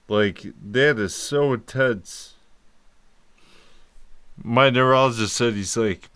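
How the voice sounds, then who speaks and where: A man talking candidly in a personal video diary, in slow, halting speech broken by long pauses and sighs. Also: fairly low pitch, pushed and bright, clear, resonant tone. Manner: candid, informal, occasional cursing. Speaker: vlogger.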